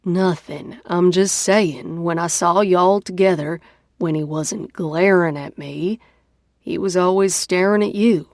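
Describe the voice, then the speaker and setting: A laid-back young man who teases his best friend, as a woman narrator voices him. He speaks slowly in a lowish voice. The recording is dry. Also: darkish tone, no echo. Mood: gentle.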